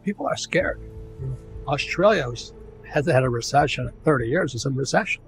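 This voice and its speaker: A man's voice: medium pitch, expressive, moderate pace, faint music behind. A man in his seventies with an American accent, giving an interview in an emphatic, repetitive ranting way with frequent restarts. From United States. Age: 70s. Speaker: interview guest, author.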